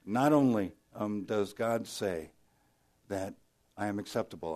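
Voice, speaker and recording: A male pastor preaching a sermon, telling stories with lively emphasis and dropping to quiet, hushed lines for key points. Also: fairly low pitch, measured pace. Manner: storytelling, dynamic, swings from loud emphasis to soft hushed lines.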